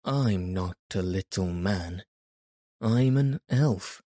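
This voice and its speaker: A man's voice: sits low, slow, warm tone, no room sound. A man voicing a small, proud and touchy male elf in a storybook reading, with a dry voice. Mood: indignant.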